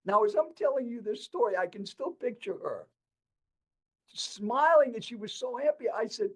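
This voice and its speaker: Older guy spinning a story on a podcast, bit of a higher voice, lively, talks right at you. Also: moderate pace, rough recording. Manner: animated storyteller who addresses the listener directly. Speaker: podcast guest, professional speaker. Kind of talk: storytelling in conversation.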